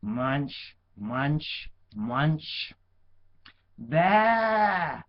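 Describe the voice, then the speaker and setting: Placid storybook sheep, voiced by a man, flat chewing; lo-fi recording. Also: fairly high pitch, extremely slow, exaggerated voice. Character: dull grazing sheep, flat and unbothered. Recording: dull lo-fi recording.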